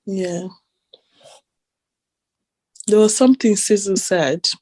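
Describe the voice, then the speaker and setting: A woman's voice: mid-range voice, slow pace, a little mellow, no room sound. A woman co-hosting a casual chat, giggly and hesitant, often searching for her words. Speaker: podcast co-host.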